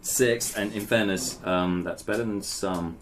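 A man's voice: fairly low pitch, fairly even intonation, a little slow. Hesitant man running a tabletop game. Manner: hesitant, full of ums and restarts. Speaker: game master. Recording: noisy home recording.

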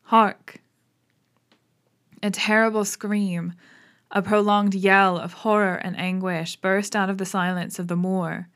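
A woman narrating a classic novel in a steady, suspenseful storytelling manner. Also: mid-range voice, a little slow. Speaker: audiobook narrator. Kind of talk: dramatic audiobook narration.

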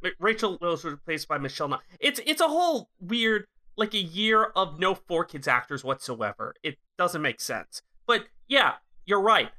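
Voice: medium pitch, very animated, moderate pace, hardly any pauses, pushed and bright. A podcast co-host in casual chat, talkative, teasing and swearing freely.

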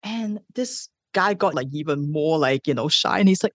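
A woman's voice: low-pitched, lively intonation, moderate pace, hardly any pauses, no room sound. A woman casually retelling a novel's plot as a book reviewer, chatty and full of "like". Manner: chatty, many fillers of "like".

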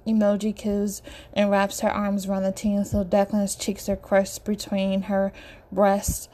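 A woman narrating a story in a steady, expressive reading voice. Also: medium pitch, normal speed.

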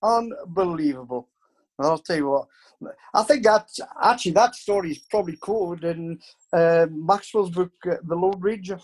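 An older man tells long, rambling stories as an interview guest. His voice sits notably high, and he keeps pausing on ums and starting his sentences over. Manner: rambling anecdotes with many fillers and restarts. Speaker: interview guest, former football club staff. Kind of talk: casual storytelling.

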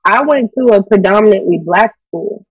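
A woman co-hosting a casual chat show, giving her opinions in a relaxed, conversational way. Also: medium pitch, normal speed, dry recording, recorded from a distance, poor audio. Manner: relaxed, opinionated, says "you know" often. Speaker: podcast co-host.

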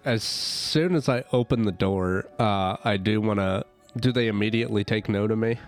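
A man's voice: on the low side, moderate pace, clean tone, soft background music. A man playing a tabletop game, talking casually and swearing freely. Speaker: player.

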